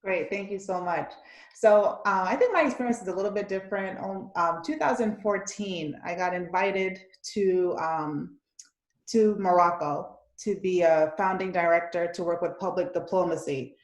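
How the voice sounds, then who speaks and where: A woman recounting her experiences on a panel in a measured way, with frequent fillers. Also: fairly low pitch. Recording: roomy echo.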